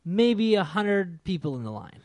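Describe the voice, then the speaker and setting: A man telling a story in casual chat, animated and exasperated, swearing freely. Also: high voice, a little slow, no echo.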